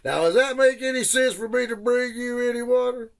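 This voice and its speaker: A man voicing a gruff, cocky older crew boss who hollers brashly. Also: very high-pitched, fairly quick, voice pushed up.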